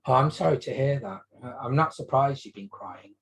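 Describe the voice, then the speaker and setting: A man playing a calm family doctor in a role-play consultation, asking gentle, reassuring questions. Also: medium pitch, fairly quick, breathy edge.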